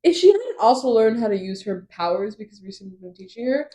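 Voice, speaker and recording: A woman's voice: on the high side, sing-song, brisk, warm tone. A young woman co-hosting a book podcast, laying out her points step by step in casual chat. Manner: analytical, lays points out step by step. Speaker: podcast co-host. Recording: echoey room.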